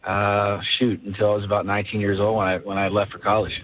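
A man's voice: on the low side, monotone, fast talker. A man from Ohio in his thirties, a pro quarterback guesting on a radio talk show, chatting casually and rambling with lots of fillers and restarts. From Ohio, USA. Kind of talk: casual interview chat. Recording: tinny phone-like radio broadcast.

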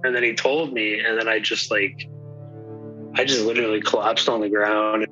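Male interviewee, casual and quick, bright voice; dull lo-fi recording. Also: on the low side, level tone, soft background music. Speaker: victim's son interviewed. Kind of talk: documentary interview. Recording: dull lo-fi sound.

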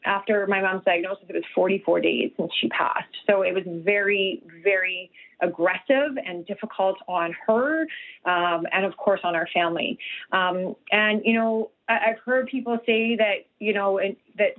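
A woman's voice: medium pitch, normal speed. A middle-aged woman from Canada, a nutritionist talking earnestly as an interview guest over the phone, with many restarts and fillers. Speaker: guest, nutritionist and health coach. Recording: tinny phone line.

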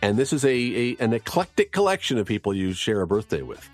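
A man's voice: fairly low pitch, sing-song, a little fast, faint music behind. A man hosting a radio segment, reading news and on-this-day trivia in a casual, chatty way with wry asides. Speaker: radio host.

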